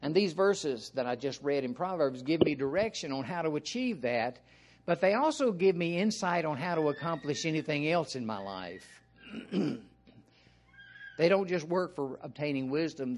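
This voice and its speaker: An older man with a Southern American accent, preaching an informal sermon in a folksy, rambling way with frequent asides and throat clearing. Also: fairly high pitch, expressive, normal speed.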